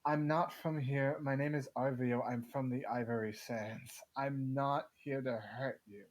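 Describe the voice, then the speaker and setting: A man voicing his deadpan, aloof wizard character in a tabletop game. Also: medium pitch, a little slow, natural voice, low-quality recording.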